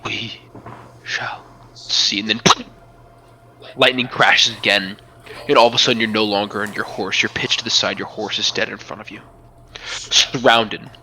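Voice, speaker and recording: A man narrates a tabletop battle as game master, with a bright, forceful edge to his voice. His pitch sits a little low. He tells the story dramatically and often drops to a hush. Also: steady tone, moderate pace, a little hiss or hum, poor audio.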